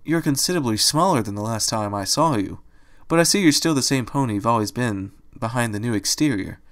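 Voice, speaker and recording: Man voicing a gentle, formal old owl scholar, soft and mid-pitched. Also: a little fast, close to an everyday voice. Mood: calm. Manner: calm, benevolent, formal.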